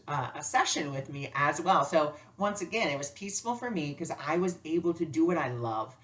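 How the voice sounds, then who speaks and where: A woman teaching spiritual lessons through personal stories, animated and acting out dialogue. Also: deep voice. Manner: animated, acts out dialogue with lively voices. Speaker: spiritual teacher and life coach. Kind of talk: storytelling lesson.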